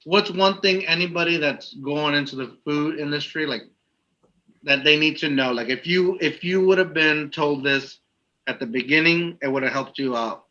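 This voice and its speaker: A man's voice: a little high, normal speed, bright, forceful tone, highs cut off. A young man co-hosting a podcast, joking around and reading out listener questions in casual chat. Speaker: podcast co-host.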